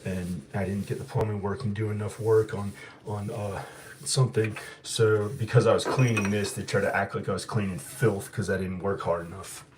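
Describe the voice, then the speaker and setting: A man's voice: on the low side, flat delivery, normal speed, a little mellow. A man rambling to himself while working around a house, then ranting bitterly. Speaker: vlogger. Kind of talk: rambling monologue to camera. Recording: echoey room with background noise.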